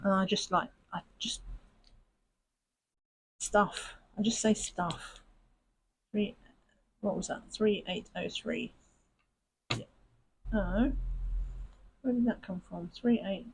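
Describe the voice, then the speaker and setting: A woman talks casually to camera as she kits up a craft project. She rambles, laughs at her own thoughts and pokes fun at herself, in a voice of middling pitch. A faint hiss sits under the recording. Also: steady tone, takes it slowly, creaky, long pauses, rough recording. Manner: chatty and self-mocking, rambling with giggles. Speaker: crafting channel host. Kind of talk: casual chat while sorting craft supplies.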